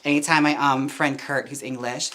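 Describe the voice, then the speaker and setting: A man streaming live as a drag performer and wig stylist, trying on wigs and chatting in a campy way with quick laughing asides. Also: mid-range voice, level tone, bright, forceful tone. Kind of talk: casual live-stream chat.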